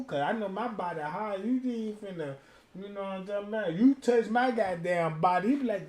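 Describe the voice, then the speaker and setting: A man streaming a casual reaction commentary, loud and profane, who slips into sung bits and mock voices. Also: sits high, brisk. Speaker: streamer host.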